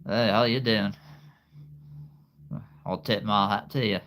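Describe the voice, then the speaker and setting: A man's voice: lowish voice, steady tone, takes it slowly, a bit bright. A man putting on a Southern US accent to play a friendly, folksy cowboy who greets people. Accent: Southern US (put on).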